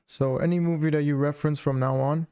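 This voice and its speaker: A man's voice: fairly high pitch, fairly even intonation, fast, warm tone, clean tone. A man co-hosting a casual podcast, playful and teasing, often laughing. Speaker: podcast co-host. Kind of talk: casual chat.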